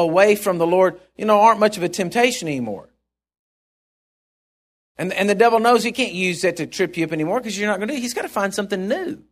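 A middle-aged male pastor preaching a sermon, telling stories in a rambling, chuckling way with many restarts. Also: sits high.

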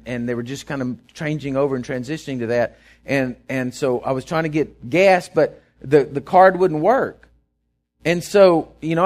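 A middle-aged man, a pastor preaching a sermon in a folksy, conversational way that swells into fervent emphasis. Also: medium pitch. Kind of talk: sermon with storytelling.

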